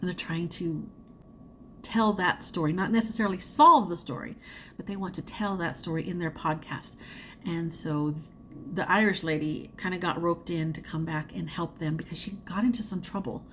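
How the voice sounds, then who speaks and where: A woman's voice: lowish voice, fairly even intonation, moderate pace, fairly bright tone, a little hiss or hum. A woman chatting casually about her knitting and what she watched, rambling with fillers and little laughs. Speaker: crafting vlogger. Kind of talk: casual chat.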